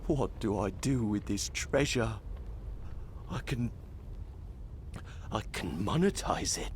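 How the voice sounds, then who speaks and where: An actor playing a man obsessed with a bucket in a video game, speaking in a hushed, half-whispered way. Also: on the low side, animated, slow pace, a little hiss or hum. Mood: awed, brooding.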